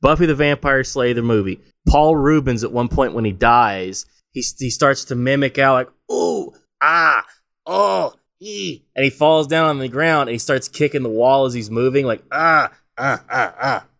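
A man's voice: mid-range voice, a little fast, few pauses, dry recording, studio quality. A man chatting casually as a podcast guest, rambling through stories in a laid-back way. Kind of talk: casual chat.

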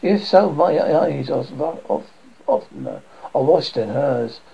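A man's voice: on the high side, expressive, creaky, warm tone, husky, full character voice. A man voicing a forlorn lovesick young woman. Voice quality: halting, stumbling reading. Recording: dull lo-fi recording.

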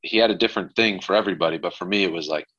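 A former college basketball player from Atlanta tells animated anecdotes in a low-pitched voice. The recording sounds a little dull and muffled. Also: male voice, very fast, husky. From Atlanta, Georgia, USA. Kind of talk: casual storytelling.

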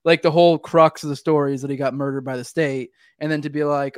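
A man's voice: on the high side, steady tone, fast, hardly any pauses, no room sound, clean studio sound. Rambling man hosting a podcast. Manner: rambling, filler-heavy phrasing. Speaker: podcast host. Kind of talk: casual podcast conversation.

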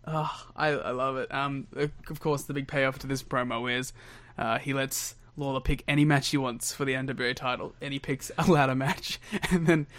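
A man's voice: mid-range voice, steady tone, normal speed, a bit bright, no echo. A man co-hosting a casual wrestling podcast, cracking jokes, laughing often and bantering playfully. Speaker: podcast co-host.

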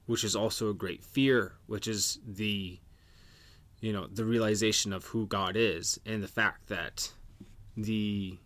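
A man's voice: lowish voice, steady tone, a little slow, a bit bright. A man co-hosting a podcast in casual chat, earnest and reflective, often restarting his sentences. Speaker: podcast co-host.

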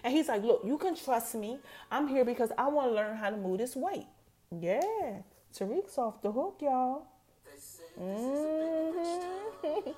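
Casting note: high-pitched woman, podcast host, animated casual recap talk, faint music bed. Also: measured pace. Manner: animated storytelling, quoting characters, addresses listeners as y'all.

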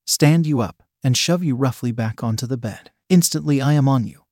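A man narrating an intimate second-person audio story, with a stern, dominant, low growling delivery. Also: moderate pace, darkish tone, no room sound, clean studio sound.

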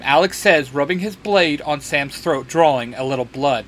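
A man reading fan fiction aloud with lively narration. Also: a little high, moderate pace, hardly any pauses. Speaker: story reader.

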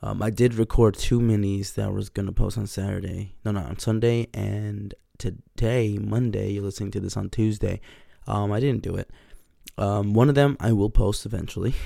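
A man's voice: fairly low pitch, vocal fry, warm tone, dry recording, clean studio sound. A young man hosting a casual solo podcast, congested, rambling with fillers and swearing into a podcast mic. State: stuffed up, congested. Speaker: podcast host.

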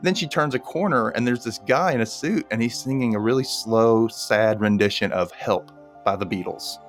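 This man's voice sits in the mid range and moves at a moderate pace as he goes over a TV episode with a co-host. The talk is relaxed, though he livens it up by performing the characters in a raised voice, with soft music underneath.

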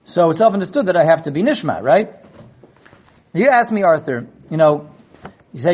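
Animated man teaching a Talmud class. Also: high-pitched, slightly rough, highs cut off. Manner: animated, acts out quoted dialogue; repeats words in quick restarts. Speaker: Torah teacher.

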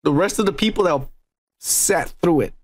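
High-voiced man, profane podcast rant. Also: expressive, normal speed. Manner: profane, rambling, joking. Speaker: podcast co-host. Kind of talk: crude casual podcast chat.

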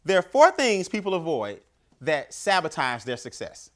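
A man giving a motivational keynote speech, telling stories with animated, emphatic repetition. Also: a little high, normal speed. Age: adult father. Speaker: keynote speaker.

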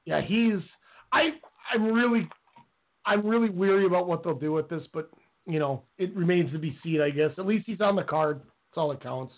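Male co-host, high voice, excitable, phone-line audio. Casual wrestling chat. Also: normal speed. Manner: animated, acts out quotes. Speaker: podcast co-host.

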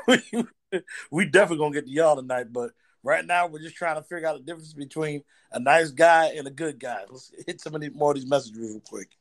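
A man's voice: on the high side, fairly quick, a little hiss or hum. A man hosting a casual talk show, playful and speaking straight to his audience. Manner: playful, addresses audience directly. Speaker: show host.

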